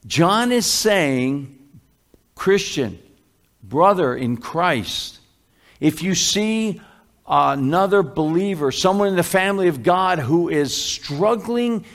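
A male pastor delivers a sermon in a relaxed, conversational way, stumbling over restarts and fillers. His voice sits a little high for a man. He takes his time, speaking slowly. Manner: slow, conversational preaching with many fillers and restarts.

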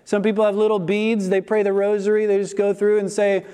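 A man preaching a sermon, slow and deliberate, stressing repeated phrases with emphasis. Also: sits high, a little mellow. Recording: long hall reverb.

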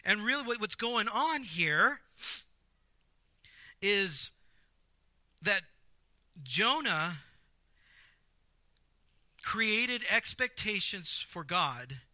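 A man preaching a sermon, animated and acting out quotes with big swings in volume. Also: sits high, slow, pauses often, no echo. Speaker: pastor.

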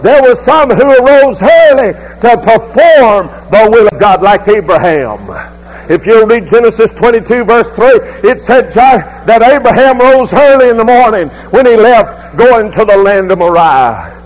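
A middle-aged man, a pastor preaching a sermon that rises into loud, fervent passages. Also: very high-pitched, rough recording.

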